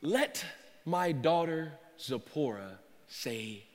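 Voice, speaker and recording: Man, pastor, sermon, joking, high lively voice, long reverb. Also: measured pace. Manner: animated, joking, laughs often. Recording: reverberant hall.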